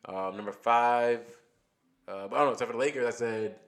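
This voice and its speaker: A man's voice: medium pitch, a little fast, a bit bright. A man co-hosting a podcast, talking sports casually and thinking aloud as he goes. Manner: loose, rambling, thinks aloud with restarts. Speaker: podcast co-host.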